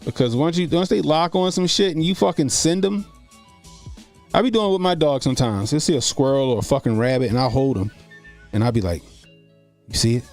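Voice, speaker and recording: A man's voice: on the high side, a little fast, a little mellow, faint music behind. A man hosting a casual live stream, telling loose, profane, laughing stories and answering chat comments, speaking. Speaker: streamer host.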